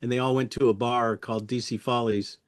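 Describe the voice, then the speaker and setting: A man's voice: mid-range voice, fairly even intonation, no room sound. Dry-sounding man, chuckling puppeteer. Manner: friendly, chuckling, halting with fillers. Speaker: guest puppeteer. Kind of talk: interview reminiscing.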